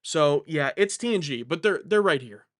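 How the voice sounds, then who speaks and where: A man's voice: on the high side, lively intonation, moderate pace, a bit bright. A young man casually hosting a live stream from home, answering viewer questions in a rambling, jokey way, often correcting himself mid-sentence.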